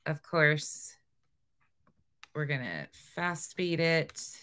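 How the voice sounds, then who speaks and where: A woman with a low, bright, forceful voice talks over the clips she is watching. She makes wry, drawn-out asides in a casual reaction-commentary style. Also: sing-song.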